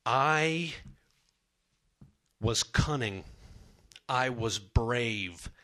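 A man's voice: mid-range voice, expressive, extremely slow, bright, forceful tone. A young man performing a true story on a comedy stage, dramatic and self-mocking.

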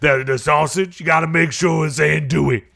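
A man playing a loud, gravelly Cajun football coach. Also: fairly high pitch, fairly even intonation, normal speed, full character voice. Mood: boastful. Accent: Southern US, put on. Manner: loud, blustery, drawling, ready to yell. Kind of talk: comedic sketch interview.

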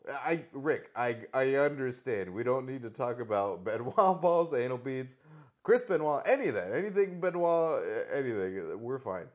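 Hesitant, deadpan man interviewer. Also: normal speed. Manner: low-key, hesitant, exasperated deadpan. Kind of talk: comedy interview sketch.

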